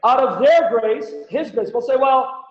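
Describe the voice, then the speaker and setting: A Christian apologist with an extremely high-pitched voice speaks a little slowly as he hosts a Bible-Quran debate teaching livestream. He reads scripture aloud and animatedly presses his audience with rhetorical questions, all in echoey, dull lo-fi stream audio.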